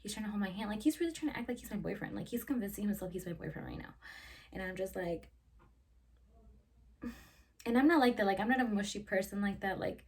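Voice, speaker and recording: A woman's voice: mid-range voice, animated, brisk, long pauses, husky. A young woman in her twenties chatting casually to camera in a Q&A, telling stories and saying "like" constantly, with frequent swearing. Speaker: vlogger. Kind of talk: casual Q&A storytelling. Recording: voice a little distant from the mic, faint ambient noise.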